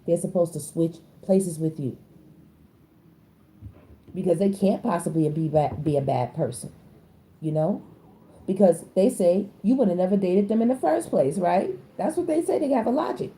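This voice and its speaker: A woman, doing a casual tarot reading in a blunt, slangy and animated way. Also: moderate pace. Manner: animated, slangy, blunt, with sudden high-pitched exclamations. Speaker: tarot reader.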